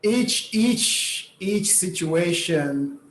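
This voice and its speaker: A man, guest scholar on a video call, speaking in a calm, measured way. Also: sits high. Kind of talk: casual talk on a video call. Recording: echoey room.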